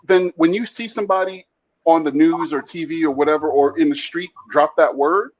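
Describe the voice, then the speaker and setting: Blunt cussing guy on a talk show, kinda husky, restarts his sentences a lot, muffled lo-fi audio. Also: on the high side, normal speed. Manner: blunt, emphatic, profane, repeats words when starting a point. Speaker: podcast co-host. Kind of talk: heated casual discussion.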